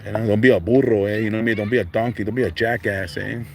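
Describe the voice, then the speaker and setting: Laid-back man, low voice. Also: steady tone, rapid-fire, gravelly. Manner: laid-back street slang, constant fillers like man and dog. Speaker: livestream host. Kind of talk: casual livestream monologue. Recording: faint background noise.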